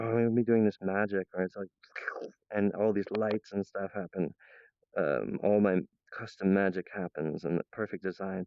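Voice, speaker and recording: A young man who hosts a channel delivers a meandering monologue, laughing often and breaking off mid-sentence. His voice is deep and creaky. The recording sounds dull, dry and lo-fi.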